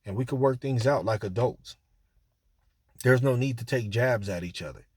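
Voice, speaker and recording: A man's voice: mid-range voice, moderate pace, darkish tone, breathy edge, dry recording, studio quality. A man talking casually and directly to listeners, giving relationship advice with lots of repetition and fillers. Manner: conversational, repeats himself, addresses listeners directly; colloquial, with frequent fillers. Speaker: relationship talk host.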